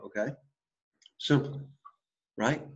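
A man's voice: mid-range voice, slow. A man teaching a Greek class, quizzing students and checking in with "okay?" and "right?". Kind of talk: classroom lecture. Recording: lo-fi classroom recording.

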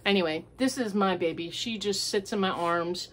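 In this casual chat, the host of a homemade crafting podcast rambles from home in a relaxed, unscripted way, using lots of fillers as her thoughts wander. She speaks at medium pitch and a moderate pace.

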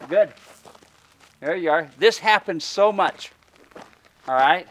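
A man's voice: on the high side, expressive, unhurried, long pauses, a bit bright, slight background noise. A man coaching a group through a hands-on mule training demonstration, in a folksy, plain-spoken way that calls his audience folks.

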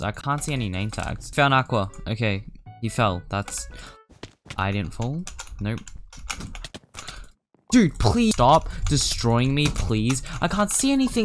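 A young man, commentating his own gameplay, excitable and gasping, swinging between loud yelps and mumbled asides. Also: on the low side. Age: teens. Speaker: gaming YouTuber.

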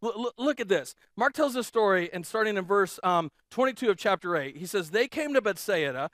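Man, pastor, church sermon, lively storyteller, higher voice, dry sound. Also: fairly quick, no echo. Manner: lively storytelling, repeats phrases for emphasis.

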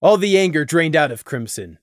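A man narrating a story in an expressive, animated read, recorded close to the mic. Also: on the high side, fairly quick, dry recording. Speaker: audiobook narrator.

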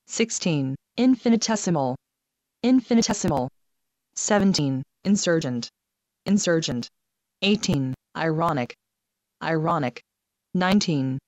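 Slow, measured woman reading word lists. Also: fairly low pitch, no echo. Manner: reads numbers then each word twice, measured and even. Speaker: vocabulary reader.

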